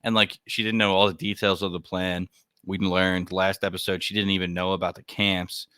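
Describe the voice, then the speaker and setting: Male podcast co-host: very deep, bright and forceful, acts out quoted reactions. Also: flat delivery, normal speed, smooth, no room sound, studio quality. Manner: talks in quoted reactions, filler-heavy. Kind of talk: casual podcast discussion.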